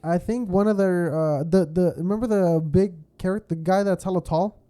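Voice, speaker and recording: A man's voice: high-pitched, normal speed, mellow, clear, resonant tone. A young man from California co-hosting a podcast, chatting casually and rambling with frequent swearing. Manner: rambling, swears a lot, laughs often. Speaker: podcast co-host. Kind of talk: casual chat.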